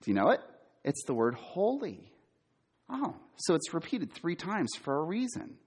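A middle-aged man preaching a sermon, quizzing his listeners and repeating key words for emphasis, sometimes loud and sometimes hushed. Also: fairly high pitch, very animated, moderate pace, slightly rough. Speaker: preacher, former campus minister.

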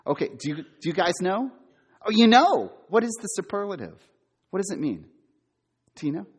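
A middle-aged man preaching a sermon, quizzing his listeners and repeating key words for emphasis, sometimes loud and sometimes hushed. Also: sits high, animated, normal speed, husky. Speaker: preacher, former campus minister.

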